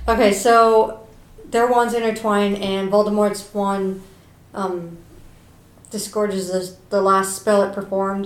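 A middle-aged woman with an ordinary mid-pitched voice, calmly walking through a movie's plot and pulling the chat back whenever it drifts. Her voice carries an echo from the room around her. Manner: steady storyteller, keeps steering back on track. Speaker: podcast co-host, mother. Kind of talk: casual chat recapping a film.

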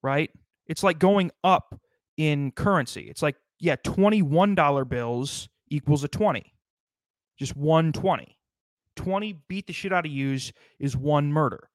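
A man's voice: fairly high pitch, a little slow, no echo. A man delivering a rambling, sardonic comedic monologue, swearing constantly as he riffs.

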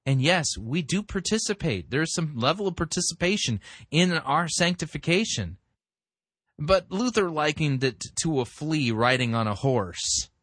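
Give me a critical male sermon reviewer with a bright voice and dry, close sound. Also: fairly high pitch, expressive, normal speed, dry recording. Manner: critical, explanatory, reads scripture. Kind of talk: commentary.

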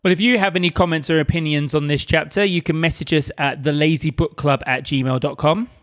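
A man's voice: a little high, fairly even intonation, a little fast. Chatty young-sounding podcast host man. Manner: chatty, laughs easily. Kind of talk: casual book club chat.

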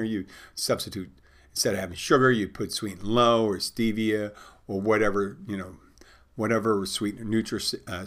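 A middle-aged man hosting a podcast, telling a personal story and giving bartending tips in a rambling, conversational way with many restarts. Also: lowish voice. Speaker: podcast host. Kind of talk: casual storytelling monologue.

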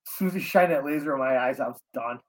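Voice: mid-range voice, fast talker. A co-host on a casual livestream, blunt and wisecracking, who curses freely while watching clips. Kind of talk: casual livestream video reaction chat.

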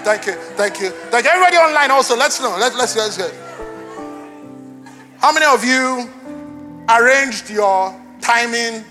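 A high, bright male voice delivers a church sermon, joking easily with the room before building to loud, fervent emphasis. Faint music plays underneath him. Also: lively intonation, moderate pace, pauses often. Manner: playful, conversational, rising to loud emphatic preaching. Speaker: pastor.

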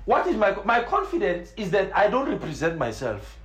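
A man, a preacher telling a story in an excited way, often repeating words and laughing as he talks. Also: sits high, moderate pace, hardly any pauses, roomy sound, rough recording. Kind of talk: animated storytelling.

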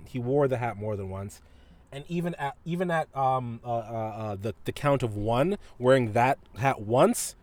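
Animated, profane man telling a story. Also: fairly low pitch. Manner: profane, laughs often, animated retelling. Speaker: podcast host. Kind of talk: casual storytelling monologue.

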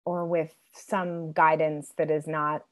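A woman in her forties, a guest on a podcast, talking reflectively and softly with frequent pauses. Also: low-pitched, flat delivery. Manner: reflective, soft-spoken, many fillers. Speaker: guest, TV writer and producer. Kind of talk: casual conversation.

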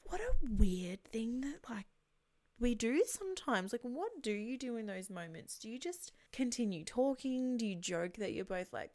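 A woman's voice: mid-range voice, gravelly, darkish tone. A young woman hosting a casual solo podcast, chatty and candid, swearing freely and often dropping into whispered asides. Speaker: podcast host.

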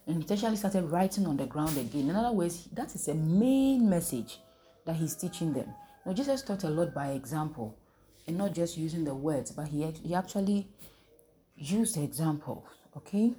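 A woman's voice: deep voice, expressive, moderate pace, dark tone, slight background noise. A woman teaching from the Bible, throwing questions to her listeners and waiting for them to answer. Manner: call-and-response, asks the listeners questions. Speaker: preacher.

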